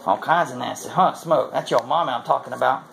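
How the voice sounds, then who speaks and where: A man's voice: medium pitch, a little fast, gravelly, fairly bright tone, slight background noise, rough recording. A man chatting crudely and joking while playing with his cat at home. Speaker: cat owner. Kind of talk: casual home video chat.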